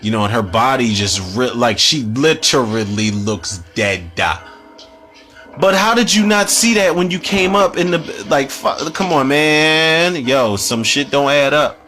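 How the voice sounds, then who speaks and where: Host type, guy doing laid-back movie commentary, lively swinging delivery, swears freely, slow talker, film score underneath. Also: medium pitch, soft background music. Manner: profane, animated, riffs on the film. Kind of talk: casual watch-along commentary. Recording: film soundtrack playing behind.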